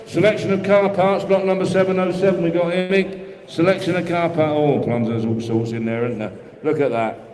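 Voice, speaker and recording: Auctioneer guy, fairly high voice, rapid bid calling, big echoey hall. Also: mellow, a little hiss or hum. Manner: rapid rhythmic bid calling with chatty asides. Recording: echoey hall with long reverb.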